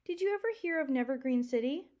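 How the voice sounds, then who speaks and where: A woman voicing a cheerful nine-year-old boy adventurer in a storybook read-aloud, with a bright, eager kid voice. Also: high-pitched, expressive, fast, pitched above the performer's own voice.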